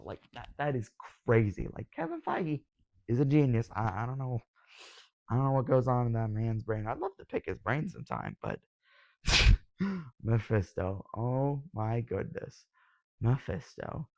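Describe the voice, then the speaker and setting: A young man giving a casual, excitable review as a video host, gushing and sometimes yelling. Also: medium pitch, dry recording, lo-fi sound. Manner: excitable, gushing, yells when thrilled. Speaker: YouTube reviewer.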